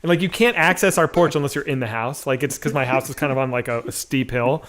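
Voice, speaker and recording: A man co-hosting a podcast in casual, profane banter, animated and quick to laugh. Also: medium pitch. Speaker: podcast co-host. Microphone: streamed podcast mic.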